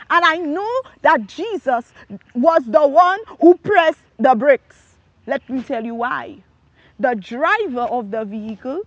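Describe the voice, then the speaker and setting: A woman gives a preached testimony in a high, emphatic voice, throwing out rhetorical questions and breaking into shouts. The sound is dry and close, with a slightly dull, muffled top end. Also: no room sound. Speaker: testimony speaker.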